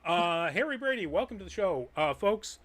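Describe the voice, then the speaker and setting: A man's voice: sits high, big pitch swings, normal speed, a bit bright. A man hosting a live nerd news show, chatting casually with many ums and uhs as he reads news and viewer comments. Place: Massachusetts.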